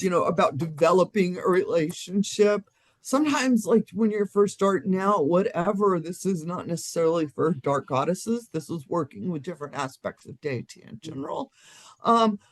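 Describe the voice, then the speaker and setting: A co-host in a live-streamed spiritual discussion, talking bluntly and emphatically, with earthy swearing. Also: mid-range voice.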